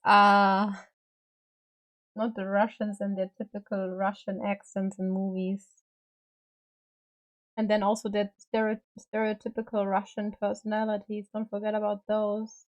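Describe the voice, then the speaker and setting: A woman streamer chats loosely while she paints, her voice at an ordinary middle pitch. Her talk wanders, peppered with fillers and the odd curse word. She sounds close to a desk mic at home. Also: monotone, unhurried. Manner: rambling, loose, with many fillers and casual swearing. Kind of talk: casual live-stream chat while painting a figure.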